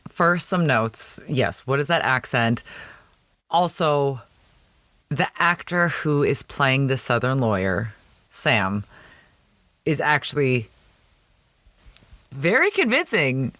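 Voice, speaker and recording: Podcast host, chatty and wry, dry close sound. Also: male voice, mid-range voice, big pitch swings, slow pace, long pauses, bright, forceful tone, dry recording. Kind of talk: casual episode recap.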